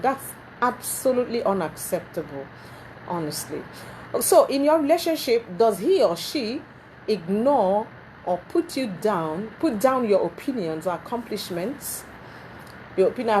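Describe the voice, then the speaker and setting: A woman hosting a talk show, speaking in an emphatic, animated way and often repeating herself, recorded in a TV studio. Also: medium pitch, a little hiss or hum.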